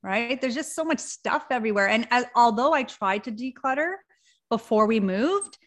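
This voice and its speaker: A woman's voice: a little high, animated, moderate pace. A woman from Canada, a podcast guest, chatting in a giggly, upbeat way. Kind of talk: casual interview chat.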